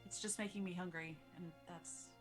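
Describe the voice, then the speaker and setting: A woman's voice: fairly low pitch, steady tone, moderate pace, faint music behind. A woman playing a tabletop role-playing game in character, dry and a little scolding. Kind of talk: in-character role-play banter.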